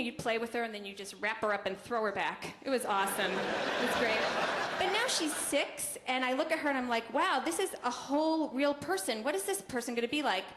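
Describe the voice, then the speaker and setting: A young woman doing a stand-up comedy set with a deadpan, conversational delivery and quick asides to the audience. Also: a little high. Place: comedy club stage. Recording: roomy club recording with noise. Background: audience laughter.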